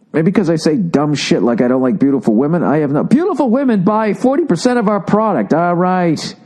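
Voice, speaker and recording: Animated ranting comic man. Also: a little high. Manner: profane ranting, repeats words while building up. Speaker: podcast host. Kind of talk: casual comic monologue.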